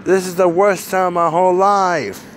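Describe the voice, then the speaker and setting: A man's voice: high voice, steady tone, moderate pace, lightly acted. A man playing Donald Duck, a hot-tempered cartoon duck, in an amateur fan film, rambling and swearing outdoors by a street. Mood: panicked. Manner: rambling, swearing, easily startled. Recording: outdoor traffic noise.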